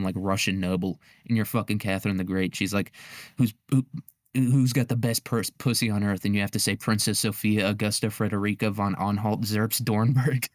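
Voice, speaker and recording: A young man with a fairly low voice rambles through a history podcast, crude and joking, laughing often. His voice is recorded close and dry, with no room sound. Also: no echo. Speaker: podcast host. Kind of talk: casual comedic history monologue.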